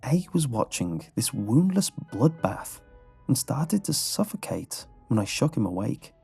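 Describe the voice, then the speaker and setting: A man giving scripted horror narration in a low, measured storytelling manner. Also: sing-song, gravelly, a little mellow, breathy edge. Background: faint background music.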